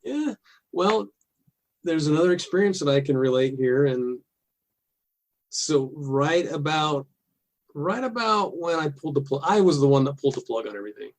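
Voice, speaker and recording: A middle-aged man speaks candidly about a hard chapter of his life, halting and restarting as he goes. His voice sits a little high for a man, and he breaks into soft laughs now and then. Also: expressive. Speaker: podcast guest. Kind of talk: candid personal storytelling.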